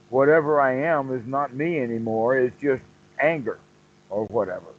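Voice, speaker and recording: Male meditation teacher, mid pitch, unhurried explainer, lo-fi call audio. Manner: slow, explanatory, repeats phrases. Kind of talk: dharma talk on a call.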